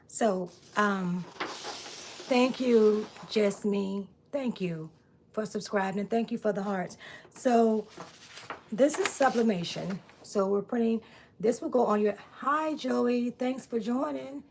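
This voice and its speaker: A chatty woman hosts a casual craft live stream from her home workspace. She talks loosely and warmly with viewers, greeting them by name and asking them to subscribe. A faint hiss sits under the phone recording. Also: on the high side, takes it slowly, long pauses. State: out of breath. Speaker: live-stream host making t-shirts.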